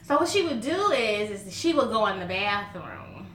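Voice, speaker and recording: Bright-voiced Southern woman, chatty. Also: medium pitch, sing-song, moderate pace, slight background noise. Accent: Southern American. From Southern United States. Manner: chatty and folksy, laughs often while telling stories. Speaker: vlogger. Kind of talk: casual chat to camera. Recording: roomy echo.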